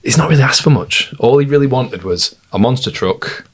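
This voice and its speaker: A man's voice: medium pitch, expressive, brisk, slightly rough. A young man co-hosting a casual podcast, a jokey storyteller who laughs often. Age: young adult. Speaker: podcast co-host. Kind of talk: casual chat.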